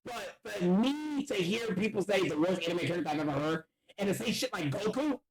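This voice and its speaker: Young male podcast host, high lively voice, excitable, swears a lot, crowd noise behind. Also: fairly quick. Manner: excitable, profane, repeats words when worked up. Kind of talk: casual podcast banter.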